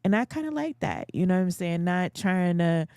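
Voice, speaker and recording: Supportive podcast co-host, mellow voice. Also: mid-range voice, big pitch swings, normal speed, clear, resonant tone, dry recording, studio quality. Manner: supportive, frequent short agreements. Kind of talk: casual podcast chat.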